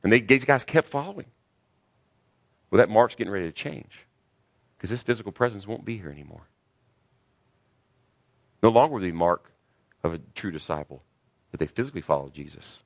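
A man's voice: lowish voice, lively intonation, a little fast, pauses often, dry recording. A pastor preaching a sermon, earnest and building to emphatic peaks, a father of six in his thirties or forties.

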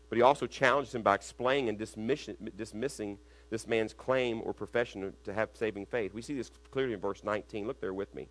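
A pastor with a lowish voice preaches an expository sermon, stumbling and restarting over words. He then builds to loud, emphatic recitations of scripture.

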